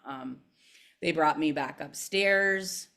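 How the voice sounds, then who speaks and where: A woman's voice: low-pitched, slow pace, pushed and bright. A young woman, telling her story as a podcast guest in a chatty way, with many fillers and frequent laughs. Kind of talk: casual interview storytelling.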